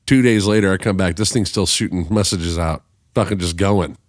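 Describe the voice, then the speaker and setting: A man's voice: low-pitched, a little fast, no room sound, studio quality. A man telling a long story in a casual podcast chat, swearing freely and acting out the voices of the people he quotes. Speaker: podcast guest musician.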